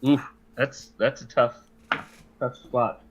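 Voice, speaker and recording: A man's voice: medium pitch, steady tone, takes it slowly, highs cut off, slight background noise. A man playing a tabletop game, talking casually and hesitantly as he works out and describes his character's attack. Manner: hesitant, with many fillers and restarts while describing his move. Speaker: player.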